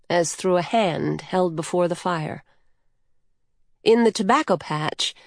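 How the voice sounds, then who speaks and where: A woman narrating a storybook in a slow, measured, lyrical way. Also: on the low side, dry recording, clean studio sound. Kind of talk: scripted audiobook narration.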